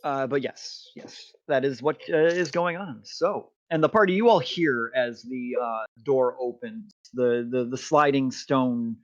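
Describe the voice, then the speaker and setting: A man's voice: medium pitch, measured pace, hardly any pauses, no echo. A man narrating as game master of a tabletop game, describing scenes unhurriedly. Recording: dull lo-fi mic.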